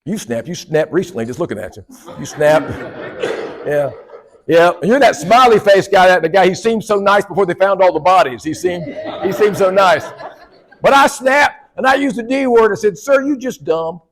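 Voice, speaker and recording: A man's voice: high-pitched, animated, brisk, a crowd in the background. A man giving a humorous keynote speech at a conference, joking with and teasing the audience. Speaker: keynote speaker. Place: conference hall.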